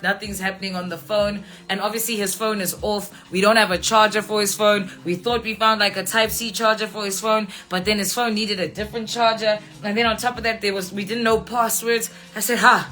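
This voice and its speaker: A woman's voice: medium pitch, fairly even intonation, moderate pace, hardly any pauses, sharp tone. A woman telling a story casually on a phone live stream, swearing freely and acting out her friends' lines. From South Africa. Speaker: livestream host. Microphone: phone mic.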